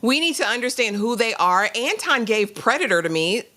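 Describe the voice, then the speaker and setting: A woman hosting a live review stream, talking casually to her viewers in an expressive, slangy way. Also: fairly high pitch, moderate pace, slight background noise. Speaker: host of a live reality show review stream.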